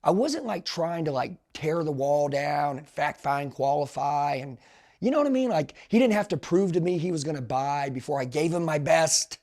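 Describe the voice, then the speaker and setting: A man in his forties, a sales trainer, telling a story in an emphatic, animated, slangy way and calling his listeners dude. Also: on the high side, normal speed, hardly any pauses. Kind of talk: motivational storytelling.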